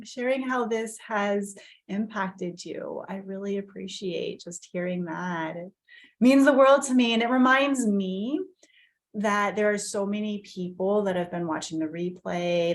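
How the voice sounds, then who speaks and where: A woman's voice: lowish voice, vocal fry. Affirming woman leading a spiritual circle. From lives in Costa Rica. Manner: warm, affirming and gently emotional. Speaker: host of an online women's circle. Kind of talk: spiritual group session on video call.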